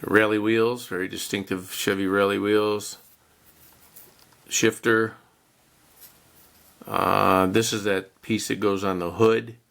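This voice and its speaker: A man with a low, gravelly voice talks his way through a model kit unboxing in a loose, rambling way. He chats to his viewers and pokes fun at himself with small chuckles. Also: flat delivery, slow, long pauses, fairly bright tone. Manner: rambling, chatty, self-deprecating with chuckles. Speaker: model car kit reviewer. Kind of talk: casual unboxing narration.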